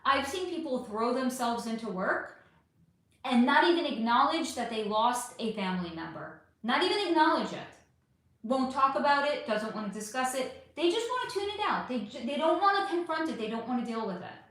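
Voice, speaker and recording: Lively high-voiced woman in an echoey room. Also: normal speed. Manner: animated, emphatic, talks straight to viewers. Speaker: livestream host reading viewer questions. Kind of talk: casual livestream Q&A.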